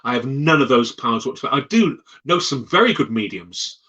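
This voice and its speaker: A man telling ghost stories as a guest, dramatic and animated, acting out the voices. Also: medium pitch, brisk, dull audio. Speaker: storyteller guest. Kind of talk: spoken ghost storytelling.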